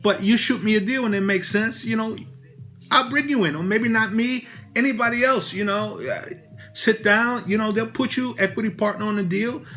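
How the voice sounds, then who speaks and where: A man's voice: high voice, moderate pace, sharp tone, soft background music. A man giving casual motivational advice to camera, rambling with many "you know" fillers. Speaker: real estate broker and channel host.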